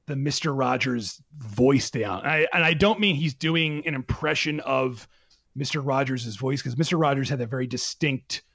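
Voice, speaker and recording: A man talking about films as a podcast guest, in an animated casual way with many restarts and fillers. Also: mid-range voice, normal speed, no room sound. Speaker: film critic guest.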